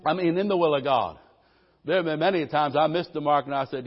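A man preaching in a high voice, working the congregation for amens. He rises to loud, stirring declarations, then drops to quiet, low asides. The recording is dull and lo-fi, like an old church tape. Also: brisk. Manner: preaching with call-and-response amens, voices people's worries. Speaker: pastor. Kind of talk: sermon.

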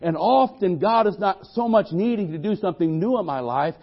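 A man delivers a fervent sermon in a church, asking the congregation for amens. His voice sits high for a man. The recording is dull and a little muffled. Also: animated, brisk. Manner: fervent, call-and-response. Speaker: preacher.

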